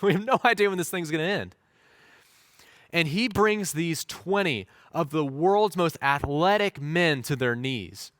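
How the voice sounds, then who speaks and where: A male pastor giving a sermon with a fairly high voice, telling his story with lively voiced quotes. The sound is dry and close, with little room echo.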